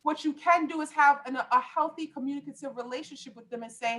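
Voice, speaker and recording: A woman's voice: high-pitched, fast, fairly bright tone, poor audio. A middle-aged woman life coach talking on a podcast, passionate and emphatic, with lots of preacher-like repetition. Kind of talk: podcast conversation.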